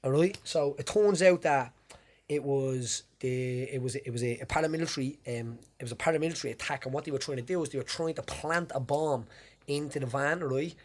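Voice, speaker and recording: An Irish man hosting a casual podcast, telling a long story in a rambling, animated way with the odd swear word. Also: mid-range voice, brisk. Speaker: podcast host.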